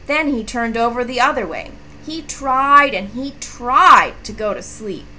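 A woman reading a children's picture book aloud, slow and expressive. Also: fairly high pitch, slight background noise. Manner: slow, expressive, clearly articulated. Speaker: storybook reader. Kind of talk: children's storybook read-aloud.

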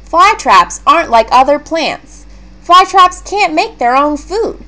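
A woman voicing an earnest young boy in a storybook read-aloud, with a raised childlike pitch. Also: expressive, slow, pushed and bright, exaggerated voice. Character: earnest young boy worried about his plant.

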